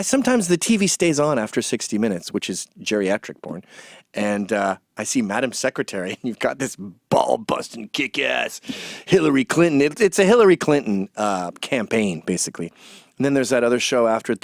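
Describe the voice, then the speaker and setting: A man's voice: medium pitch, creaky, dry recording, studio quality. A man hosting a comedic commentary, ranting in a sarcastic, mocking way. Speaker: host and commentator.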